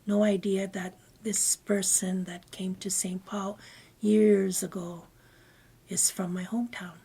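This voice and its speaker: Woman guest spinning a story, raspy as anything, lots of gravel, slips into breathy near-whispers. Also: medium pitch, flat delivery, slow, warm tone. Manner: drops into breathy half-whispered asides; meandering, with many fillers and restarts. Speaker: interview guest. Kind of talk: personal storytelling in conversation.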